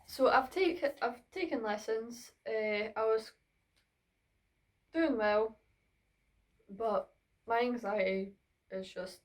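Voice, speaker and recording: With long pauses and a slow pace, a young woman in her bedroom answers questions for a casual Q and A vlog shot on her phone. Her fairly high voice sounds slightly breathless, and her chatty talk rambles, full of fillers.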